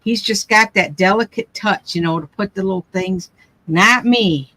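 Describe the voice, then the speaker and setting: Older woman, bright sharp voice, chatty rambling storyteller, casual craft chat. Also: mid-range voice, normal speed, no room sound, low-quality recording. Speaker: craft live stream host.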